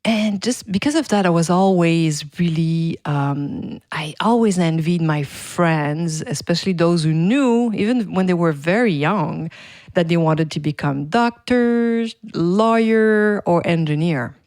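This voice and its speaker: A woman's voice: on the low side, unhurried, a little mellow, no echo, studio quality. A middle-aged woman with a French Canadian accent, a native French speaker, hosting a podcast in a chatty, casual way with frequent small laughs. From Quebec, Canada. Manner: chatty, laughs often, self-correcting. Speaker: podcast host.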